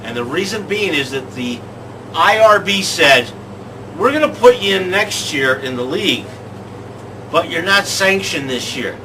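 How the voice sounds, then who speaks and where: A man hosting a comic sports show, talking in excitable rants. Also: sits high, a little slow. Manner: excitable, ranting. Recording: distant mic with clear background noise.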